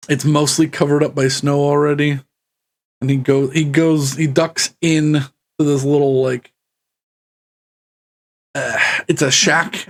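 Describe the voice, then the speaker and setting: Slow-talking, higher-voiced man narrating a game. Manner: laughs often, loose rambling narration with fillers. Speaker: game master.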